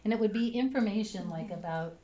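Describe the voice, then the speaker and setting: Gentle middle-aged woman in an echoey room. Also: medium pitch, fairly quick. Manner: gentle, hesitant, many fillers. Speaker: congregation member sharing. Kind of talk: heartfelt personal sharing in a group. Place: church meeting room, also on video call.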